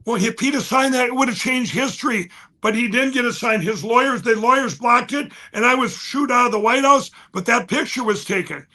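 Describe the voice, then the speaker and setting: High bright-voiced excited man. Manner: fast, restless, repeats and restarts, swings loud and soft. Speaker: guest. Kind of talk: excited conversational storytelling.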